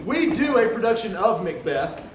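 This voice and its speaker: A man's voice: sits high, sing-song, moderate pace, heavy background noise. A man doing hammy live stage comedy in a theater, speaking with campy put-on delivery. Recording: live theater recording, roomy and distant with loud audience.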